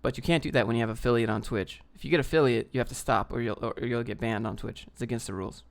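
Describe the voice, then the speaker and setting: A man's voice: medium pitch, steady tone, fast, gravelly. A man hosting a casual livestream, reading chat questions aloud and answering in a rambling, joking way.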